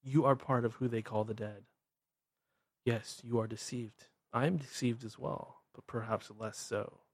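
Blunt profane host with Northwest accent. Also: male voice, medium pitch, fairly even intonation, measured pace, breathy edge, dry recording. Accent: Pacific Northwest American. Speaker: podcast host. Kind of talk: ranting monologue.

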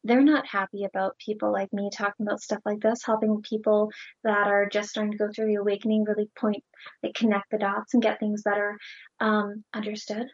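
A woman's voice: medium pitch, flat delivery, a little fast, husky, no room sound, lo-fi sound. A woman talking earnestly in a conversation, explaining her experiences at length and posing rhetorical questions. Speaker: guest. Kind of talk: casual conversation.

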